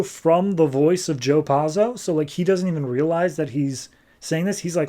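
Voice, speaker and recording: A man's voice: a little high, warm tone. A man casually recapping a comic book issue as a podcast host, loosely voicing characters as he retells the plot. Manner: chatty, paraphrases characters with loose quick voices.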